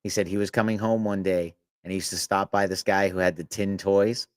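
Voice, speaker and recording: A man's voice: sits low, little pitch movement, a little fast, no echo, clean studio sound. A man co-hosting a podcast, telling rambling anecdotes in casual chat with frequent laughs and swearing. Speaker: podcast co-host.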